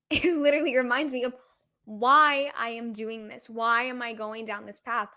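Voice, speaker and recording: A woman's voice: a little high, fairly even intonation, unhurried, pushed and bright. Young female podcast host with a raised voice, heartfelt and confessional, casual solo delivery. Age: 20s. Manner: earnest, confessional, says "like" often.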